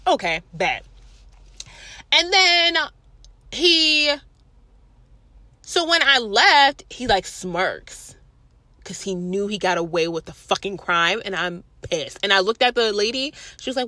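Animated, indignant young woman telling a story. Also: mid-range voice, takes it slowly, pauses often, no room sound. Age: young adult. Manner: animated, indignant, heavily profane. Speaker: vlogger. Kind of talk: casual storytime monologue.

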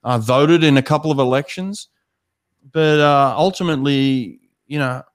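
A man's voice: mid-range voice, normal speed. A man from Australia hosting a podcast, chatting casually and often stammering and restarting his sentences. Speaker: podcast host. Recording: dry close audio.

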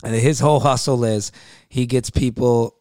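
A man's voice: mid-range voice, fairly even intonation, normal speed, darkish tone, no room sound, clean studio sound. A man from Ohio telling stories in loose slang as a guest in a casual podcast chat.

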